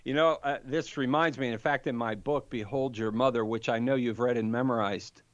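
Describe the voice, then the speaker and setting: Older male apologist, mid pitch, lively storyteller who acts out quotes, dull dry recording. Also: moderate pace, no echo. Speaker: Catholic apologist guest. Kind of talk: casual conversation.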